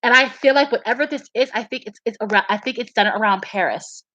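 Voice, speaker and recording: Her voice is fairly high, quick, bright and pushed as this fan talks casually yet earnestly about her beliefs and dreams, hammering points home, repeating lines and beginning sentences again. It's a dry, muffled recording.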